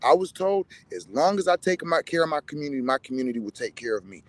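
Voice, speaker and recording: Man, blunt and profane, lively swooping pitch, dry close sound. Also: fast talker, no room sound. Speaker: self-described shaman and medicine man. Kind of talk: social media monologue.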